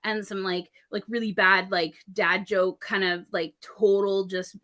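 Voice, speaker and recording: A woman telling stories in a relaxed podcast conversation, acting out what people said and laughing often. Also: mid-range voice, measured pace. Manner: animated, acts out quoted dialogue, laughs often. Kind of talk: casual conversational storytelling.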